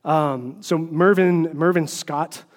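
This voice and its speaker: Higher-pitched man preaching casually. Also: steady tone, slow pace. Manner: informal, with frequent fillers and restarts; emphatic, opinionated asides. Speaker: preacher teaching a Bible study. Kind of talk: conversational sermon.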